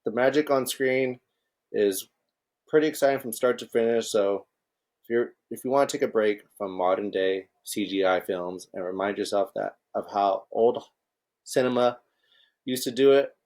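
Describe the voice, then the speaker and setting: A man's voice: fairly low pitch, normal speed, darkish tone. A man co-hosting a casual film podcast, talking hesitantly with many restarts. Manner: hesitant, lots of fillers and restarts. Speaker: podcast co-host.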